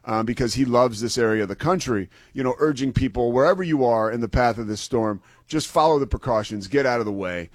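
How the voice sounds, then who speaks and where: A man's voice: mid-range voice, dry recording. A man co-hosting sports radio, talking in an easygoing, rambling way with self-deprecating jokes. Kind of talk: casual sports talk.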